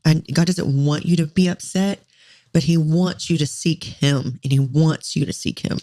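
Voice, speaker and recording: A woman in her thirties, a podcast co-host, telling a candid personal story with deep feeling and many "like" fillers. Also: fairly even intonation, moderate pace, warm tone. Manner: emotional, tearful at times, many "like" fillers.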